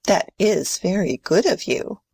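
A woman's voice: medium pitch, lively intonation, measured pace, vocal fry, a little mellow, slightly rough, no room sound, full character voice. A woman playing a strict, proper old grandmother who scolds sternly. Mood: scolding. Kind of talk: amateur play reading.

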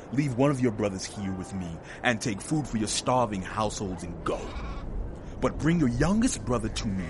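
An actor playing a guilt-ridden brother in an audio drama, speaking gravely and with remorse. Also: male voice, medium pitch, background noise, lightly acted.

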